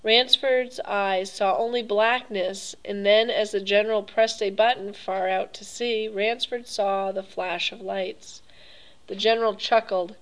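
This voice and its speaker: A woman narrating a story in a measured, even manner. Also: medium pitch, poor audio. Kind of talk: audiobook reading.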